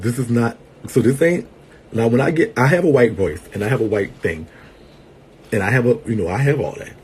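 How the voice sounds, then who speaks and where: A man in a casual vlog who talks to his viewers in a sassy, playful way and laughs often. He calls them girl and sweetheart, and swings between loud bursts and quiet asides. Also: medium pitch, animated, brisk, slightly rough. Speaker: vlogger and entertainer.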